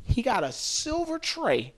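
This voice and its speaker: A man hosting a podcast, telling a story in casual chat, animated and laughing often as he acts out quotes. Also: extremely high pitch, a little slow, slight background noise. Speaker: podcast host. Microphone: podcast studio mic.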